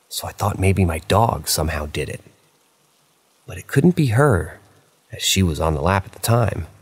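A man narrating true paranormal stories aloud, reading in a plain, unhurried way with small slips. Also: deep voice, husky, no room sound. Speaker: story narrator.

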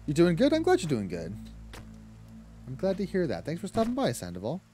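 A man's voice: on the high side, wildly swooping pitch, fairly quick, dark tone, faint music behind. An Irish man livestreaming a game, chatting casually with his viewers, laughing often and cursing at the game. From Ireland. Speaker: streamer. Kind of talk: casual gaming livestream chat.

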